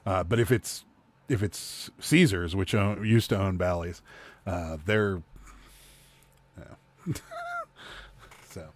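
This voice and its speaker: A man's voice: low-pitched, slow, long pauses, dry recording. A man hosting a casual reseller livestream, rambling through stories and laughing often. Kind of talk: casual chat.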